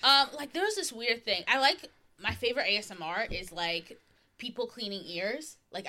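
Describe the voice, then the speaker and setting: A young woman co-hosting a casual chat podcast, playful and expressive, swearing freely. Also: mid-range voice, normal speed. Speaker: podcast co-host.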